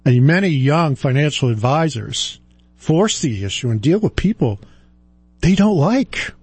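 A man in his sixties, a financial advisor, talking reflectively in a halting way, with many fillers and restarts. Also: on the high side, lively intonation, a little mellow, breathy edge, no room sound. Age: 60s. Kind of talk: reflective personal talk.

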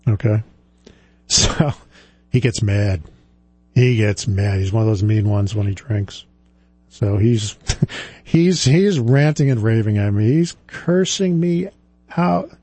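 A man's voice: fairly low pitch, lively intonation, slow pace, long pauses, warm tone, slightly rough, dry recording. A middle-aged man, a financial advisor, telling stories in a chatty monologue that is full of chuckles and restarts. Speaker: financial advisor and firm president. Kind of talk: casual storytelling monologue.

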